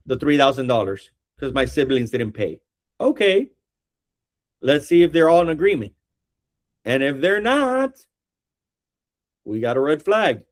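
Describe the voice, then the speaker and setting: Speaking a little on the high side, this middle-aged man is an attorney training real estate agents. He keeps things direct and pauses often to check on how the class is doing.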